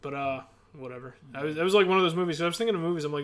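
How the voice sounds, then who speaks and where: A man's voice: a little high, racing. A young man co-hosting a casual podcast, rambling and laughing often. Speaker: podcast co-host.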